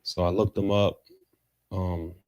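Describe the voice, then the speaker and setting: A man's voice: flat delivery, slow, a little mellow, no echo, lo-fi sound. A man telling his story as an interview guest, full of street slang and acting out the lines of the people in it. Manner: street slang, acts out quotes with jumps in pitch. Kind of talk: animated storytelling.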